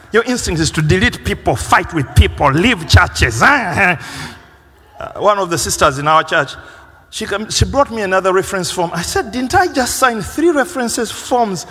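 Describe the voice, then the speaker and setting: A man preaching a sermon as pastor, animated, acting out the voices of people he quotes. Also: high voice, slightly rough. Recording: long reverb of a large hall.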